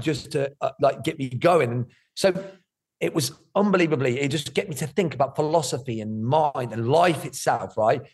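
A middle-aged man, talking candidly about his life in an interview, animated and swearing freely. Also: mid-range voice, husky. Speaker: guest.

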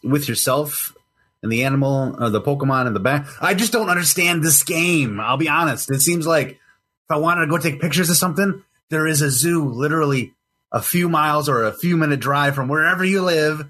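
A man's voice: on the high side, brisk, pushed and bright. A man in casual podcast chat, skeptical and joking, teasing the others. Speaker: podcast co-host.

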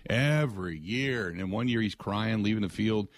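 Animated male sports radio host. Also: lowish voice, normal speed. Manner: excitable, mimics voices, frequent restarts.

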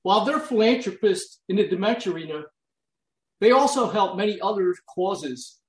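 A man's voice: sits high, lively intonation, normal speed. A man speaking heartfelt, admiring words and putting questions to a guest in an interview. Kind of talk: interview conversation. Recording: roomy echo.

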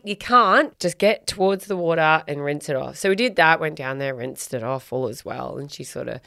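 A woman's voice: low-pitched, a little fast, gravelly, few pauses, fairly bright tone, no room sound, clean studio sound. A woman, co-hosting a casual chat podcast and telling a story bluntly, swearing and acting out quotes. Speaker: podcast co-host.

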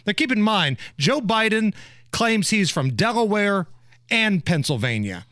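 A man's voice: sits high, very animated, measured pace, sharp tone, no room sound, clean studio sound. A man hosting a radio talk show, telling jokey stories in a wry, rambling way. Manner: wry, laughing, rambling storyteller. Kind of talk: casual chat, mocking commentary.

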